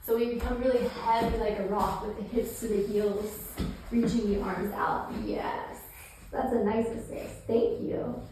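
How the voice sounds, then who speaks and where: Woman, children's yoga teacher and mom, slow and slightly high, playful and encouraging, recorded from a distance in a very echoey room. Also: steady tone, mellow, a little hiss or hum. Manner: playful and encouraging, imitating animal sounds. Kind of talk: guiding a children's yoga session.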